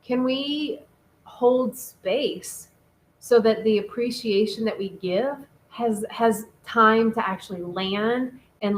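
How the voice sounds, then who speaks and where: A woman co-hosting a casual relationship talk show, chatty and animated, reading out listener comments. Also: mid-range voice, slight background noise, rough recording. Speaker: podcast co-host.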